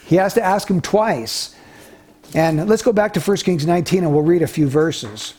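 A man's voice: sits high, moderate pace, darkish tone. A man preaching an expository sermon, retelling a story in an earnest way with small restarts.

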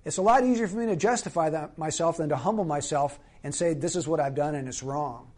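High-voiced man preaching earnestly. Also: darkish tone. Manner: earnest, emphatic preaching with slow, stressed phrases. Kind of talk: sermon.

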